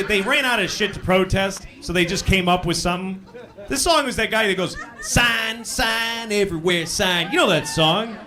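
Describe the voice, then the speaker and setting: A man doing a stand-up comedy set, profane and self-deprecating, acting out little voices as he goes. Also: high-pitched. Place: live comedy stage. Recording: live show with loud crowd laughter. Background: audience laughter.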